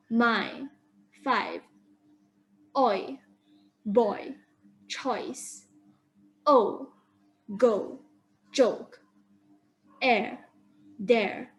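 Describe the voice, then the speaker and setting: A young woman student giving a careful classroom presentation, slowly sounding out example words. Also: fairly high pitch, slight background noise, rough recording. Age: young adult. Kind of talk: classroom presentation on English vowels.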